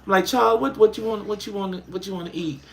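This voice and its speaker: A man's voice: fairly even intonation, quick pace, creaky, slight background noise. A man playing a homey middle-aged Southern woman with an Alabama accent, chatting casually to a livestream audience at home in folksy dialect. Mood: chatty. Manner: coos at the dog in a high voice, folksy dialect. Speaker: livestream host. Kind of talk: casual livestream chat in character.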